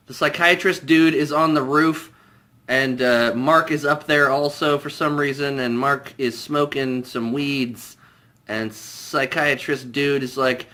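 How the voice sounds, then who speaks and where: A man's voice: fairly high pitch, steady tone, unhurried, bright, forceful tone. A young man giving a comedic spoiler review of a film, incredulous and mocking, often breaking into laughter. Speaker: movie reviewer.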